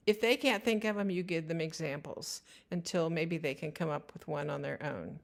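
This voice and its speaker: A woman explains at an unhurried pace how to guide a child through word sounds. Her voice sits a little lower than most women's, and she breaks words into their separate sounds with patient clarity. Her narration is steady and instructional. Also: creaky. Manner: slow, careful, spells out word sounds. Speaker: teacher.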